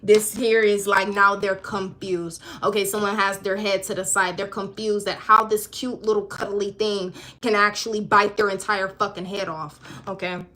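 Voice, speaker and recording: Bright-voiced woman giving an emphatic reading. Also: mid-range voice, flat delivery, moderate pace, few pauses. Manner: emphatic, profane, conversational. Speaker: intuitive card reader. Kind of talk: live-streamed spiritual reading.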